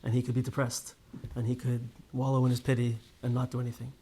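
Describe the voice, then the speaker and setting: A man teaching a casual Torah class to a small group. He tells stories with lively ups and downs, restarts often and keeps asking "right?". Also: mid-range voice, quick pace, slight background noise. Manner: lively storyteller, many restarts and "right?" tags.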